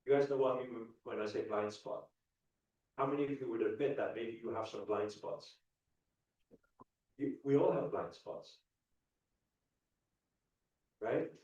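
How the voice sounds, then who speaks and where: A man giving an animated, repetitive motivational talk to a live audience, chuckling often. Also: mid-range voice, brisk. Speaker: spiritual coach. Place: large event ballroom. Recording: echoey dull hall sound from far off.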